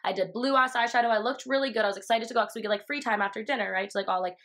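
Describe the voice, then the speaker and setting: A young woman telling a story in a casual, profane way, full of fillers and animated quotes. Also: fairly high pitch, rapid-fire. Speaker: vlogger.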